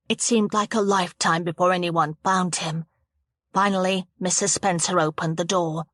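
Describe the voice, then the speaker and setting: A woman reading a thriller audiobook aloud in a steady, measured narration. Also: mid-range voice, dry recording, clean studio sound. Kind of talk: scripted narration of a thriller novel.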